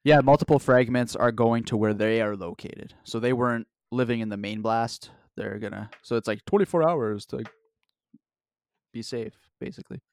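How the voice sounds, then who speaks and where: A man talks in a loose, rambling way, joking and swearing as he goes. His voice sits at a middle pitch. The sound is dry and close, with no room behind it. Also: moderate pace, a little mellow, no echo. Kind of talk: casual chat.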